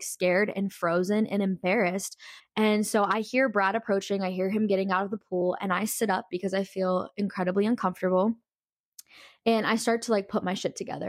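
A woman's voice: mid-range voice, dry recording, studio quality. A young woman telling a personal story in a casual, candid and emphatic way, full of "like" fillers.

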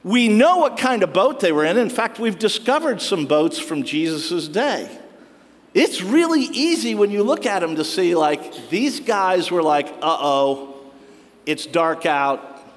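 A man with a high voice delivers a sermon at an unhurried pace, spinning stories with wry humor and laughing often. His voice rings out with a long reverb, as if in a large church hall. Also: very animated. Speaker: pastor.

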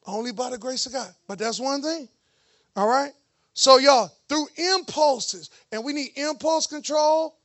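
Pastor guy preaching, real high voice, animated and teasing the crowd. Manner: preachy, animated, mocking asides. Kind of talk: sermon.

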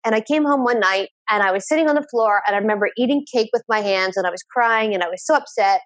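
A woman addiction therapist, guest on an interview podcast, telling her own story in an animated way and repeating phrases for emphasis. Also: medium pitch, quick pace, no echo. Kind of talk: conversational interview.

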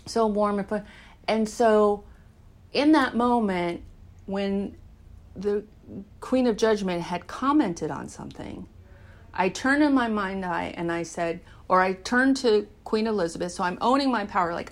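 A middle-aged woman giving a candid, animated personal recovery talk, swearing freely. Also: medium pitch, moderate pace. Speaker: recovery speaker.

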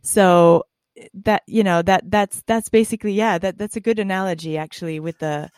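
A woman hosting a podcast conversation, speaking in a halting, emphatic way with many restarts. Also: mid-range voice, darkish tone, clear, resonant tone, no echo, clean studio sound. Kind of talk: candid conversation.

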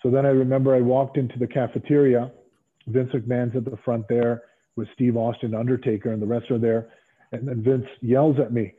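A former pro wrestler as an interview guest, telling rambling stories in casual chat with lots of fillers and restarts, heard over a tinny phone-like line. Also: male voice, mid-range voice, steady tone, brisk, slightly rough. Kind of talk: casual storytelling.

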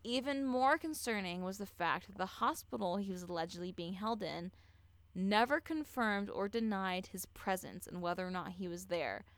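A woman hosting a podcast, telling a true-crime story in casual chat, animated and swearing freely as she acts out what people said. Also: mid-range voice, moderate pace, no room sound. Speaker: podcast host.

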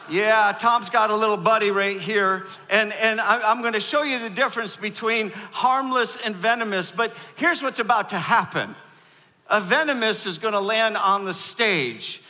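A man delivers a sermon in a large church auditorium, mixing jokes with calls for the congregation to repeat after him. His voice sits a little high and sounds very bright. A long reverb trails behind every phrase. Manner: joking, calls for audience responses. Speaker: pastor.

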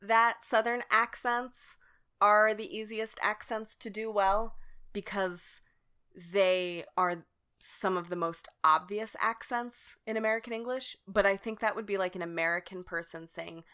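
A woman's voice: mid-range voice, steady tone, unhurried, bright, forceful tone, clean tone. A woman co-hosting a podcast, giving frank opinions in a casual chat and laughing easily. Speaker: podcast co-host. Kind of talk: casual chat about a TV show.

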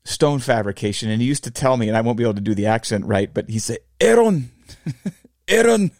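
A man's voice: fairly low pitch, fairly even intonation, very fast, a little mellow, dry recording, studio quality. Reflective man in his forties hosting. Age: 40s. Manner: reflective, addresses listeners as fellow fabricators. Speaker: podcast host. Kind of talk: casual solo podcast monologue.

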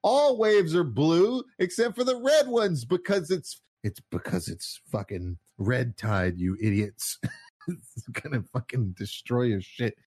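A man's voice: mid-range voice, lively intonation, measured pace, a little mellow, breathy edge. A man ranting in casual political commentary, sarcastic and mocking, swearing often and laughing often.

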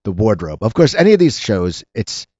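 A man's voice: on the low side, very animated, moderate pace, a little mellow, dry recording, dull audio. A man interviewing an actor, rambling eagerly through his questions. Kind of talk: casual interview chat.

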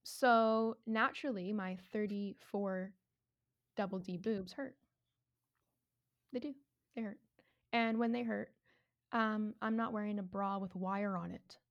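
A woman in her thirties telling a story in casual chat, animated, swearing freely and laughing often. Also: mid-range voice, unhurried, pauses often, dull audio. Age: 30s.

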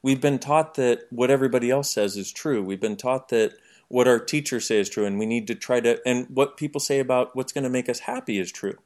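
Guy w/ a medium-pitched voice, interview guest, animated, jokes around while explaining stuff. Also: fairly quick, few pauses. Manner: animated, jokey, explains with examples. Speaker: podcast guest. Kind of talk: conversational interview.

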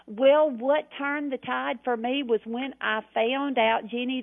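A chatty woman with a Southern accent talks in a folksy, self-deprecating way as a radio guest, her voice riding high. She comes through a tinny phone line with a gravelly edge. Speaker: cookbook author guest.

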